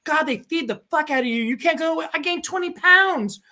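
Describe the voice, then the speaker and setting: A man's voice: very high-pitched, normal speed. A young man from Texas, a local TV sports reporter, chatting casually as a podcast guest, rambling through stories with lots of fillers. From El Paso, Texas. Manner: rambling, animated storytelling with many fillers.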